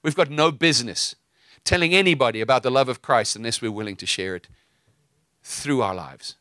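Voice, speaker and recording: Brisk and medium-pitched, this man's voice sounds pushed and bright as he delivers impassioned preaching. The preacher and host blends scripture with stories and offhand remarks, hitting his points with fiery emphasis. It's a dry recording with clean studio sound.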